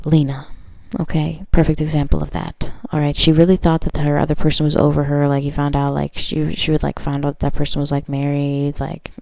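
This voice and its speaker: A woman's voice: low voice, completely flat delivery, brisk, gravelly, mellow, slight background noise, poor audio. A woman doing a casual pick-a-card tarot reading, reading card text aloud and chatting about it in a loose, filler-heavy way. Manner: chatty, lots of fillers, reads cards aloud then riffs.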